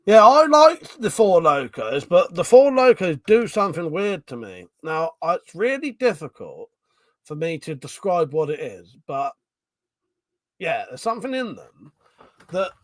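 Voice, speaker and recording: A man chats on his own livestream, his fairly high voice swinging up and down with a lot of life. He rambles through stories, trips over his words and swears freely as he reads out viewer comments. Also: big pitch swings, measured pace. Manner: rambling and sweary, with many fillers and restarts. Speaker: livestream host. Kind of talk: casual live-stream chat, reading viewer comments aloud.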